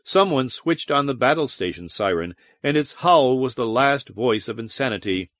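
A man narrating an audiobook with expressive, dramatic storytelling. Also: medium pitch, normal speed, no echo, studio quality. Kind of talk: scripted narration.

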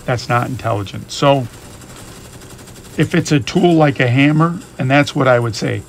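Gaming YouTuber, male, mid pitch, gravelly, rambling and reflective, faint hiss under the voice. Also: moderate pace. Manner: rambling, reflective, thinks aloud. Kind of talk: casual musing commentary over gameplay.

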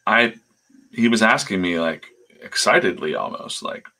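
A man's voice: on the low side, lively intonation, moderate pace, pushed and bright. A man hosting a casual livestream, telling rambling anecdotes with laughs and swearing. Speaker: comic artist and channel host.

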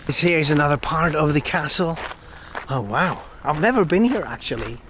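A man's voice: a little high, moderate pace, background noise. A man from Switzerland filming a casual walking vlog by a lake and in an old church, musing aloud and sometimes dropping to a whisper. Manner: relaxed, musing, drops to a whisper now and then. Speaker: travel vlogger.

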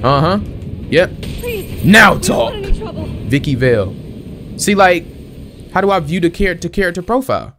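A man hosting a let's play, excitable and slangy, exclaiming at the game as he plays. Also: high-pitched, moderate pace, pauses often. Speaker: gaming channel host. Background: game music and sound effects.

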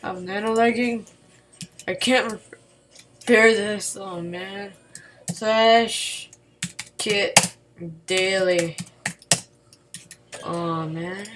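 A woman giving casual gameplay commentary at her home computer at night, excitable, yelping and repeating words when she panics. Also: mid-range voice, drawn-out words, pauses often, background noise.

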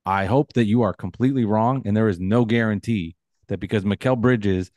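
Halting low-voiced man. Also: darkish tone, no echo. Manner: halting, many restarts, wry. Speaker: podcast co-host, Nets fan. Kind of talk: casual sports chat.

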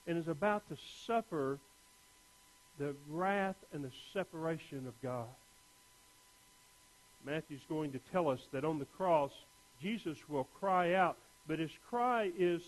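High-voiced earnest male pastor preaching. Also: low-quality recording. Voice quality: repeats words and restarts phrases. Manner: earnest, rises and falls between hushed and urgent. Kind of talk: sermon.

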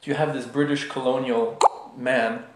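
A man lecturing casually in a roomy, echoing hall, telling a story with lively character voices. His pitch sits in a middle range. He talks to a small live group. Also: measured pace, very noisy. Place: lecture room at a yoga center. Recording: echoey room.

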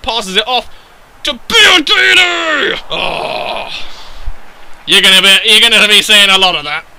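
A young man giving sweary, excitable commentary over a football video game, breaking into loud outbursts and then dropping to low mutters. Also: fast, very noisy. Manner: excitable and sweary, yelling at his players. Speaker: gaming YouTuber. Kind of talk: live gameplay commentary.

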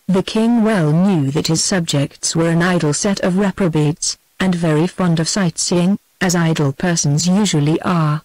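A synthetic text-to-speech woman's voice with a British English accent, reading a storybook in an even, measured way. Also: on the low side, no room sound, low-quality recording. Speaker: audiobook narrator.

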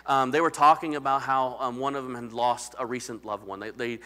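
A man's voice: mid-range voice, fairly even intonation, a little fast, sharp tone. A man preaching as pastor in a conversational, emphatic sermon that calls out to the congregation.

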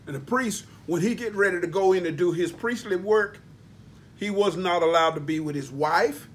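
A man's voice: high-pitched, moderate pace, slight background noise. A man preaching a sermon, emphatic and folksy, spelling out words for emphasis. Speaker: pastor.

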